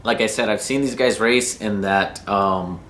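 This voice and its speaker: Man from new mexico, lowish voice, rambling slangy storytelling, faint background hiss. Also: unhurried, fairly bright tone. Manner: slangy, rambling, swears freely. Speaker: racing vlogger. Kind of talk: casual storytelling to camera.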